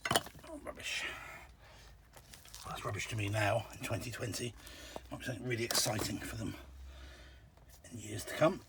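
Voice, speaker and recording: A vlogger digging an old shelter in an outdoor pit records himself on a handheld camera, panting from bending as he chats, mutters asides, and trails off. His voice is fairly low, with fairly even intonation and a brisk pace, and there's heavy background noise.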